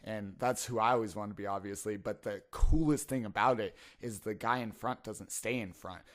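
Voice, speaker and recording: A man's voice: fairly low pitch, normal speed. Laughing, swearing young man. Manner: animated storytelling, swears and laughs a lot. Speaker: podcast co-host. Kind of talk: casual chat.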